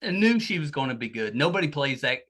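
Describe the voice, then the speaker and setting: A man's voice: a little high, very animated, fast talker, fairly bright tone. A man hosting a podcast, talking through a casual outro in a rambling, self-correcting, chatty way. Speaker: podcast host.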